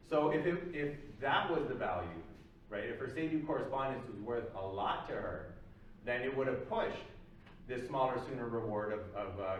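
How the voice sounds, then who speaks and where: Guy lecturing psych, lots of uhs, mid pitch, big echo and far mic. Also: a little hiss or hum. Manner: loose, filler-heavy explaining. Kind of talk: recorded lecture. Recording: very echoey room, mic at a distance.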